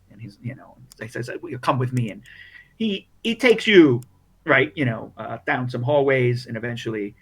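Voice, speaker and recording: A man's voice: medium pitch, creaky, fairly bright tone. A man narrating as game master, rambling with many restarts. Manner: rambling, full of fillers and restarts.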